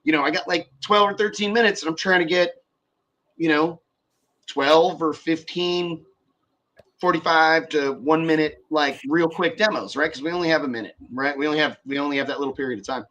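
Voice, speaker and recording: A man's voice: a little high, fairly quick, bright, forceful tone. A young man in casual podcast chat about car audio, rambling and profane with many fillers and restarts.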